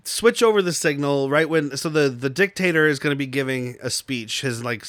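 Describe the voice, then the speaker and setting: A man's voice: medium pitch, animated, normal speed, a bit bright, no echo. A man hosting a casual movie-review podcast, laughing and acting out lines from the film. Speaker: podcast host.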